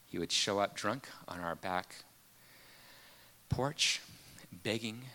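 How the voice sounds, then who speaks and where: A man preaching a sermon, telling a personal story earnestly with many pauses and fillers. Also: lowish voice, sharp tone, slight background noise.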